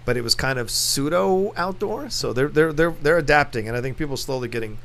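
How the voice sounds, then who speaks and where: Brief: laid-back male host with a lively pitch, relaxed and halting. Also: creaky. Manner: relaxed, hesitant, restarts phrases. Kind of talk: casual live-stream chat.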